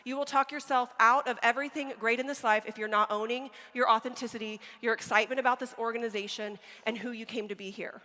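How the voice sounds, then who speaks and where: A woman in her forties giving a motivational keynote on stage, energetic and full of stories and questions to the audience. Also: on the high side, quick pace, few pauses. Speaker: keynote speaker. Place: large hall on stage. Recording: long hall reverb.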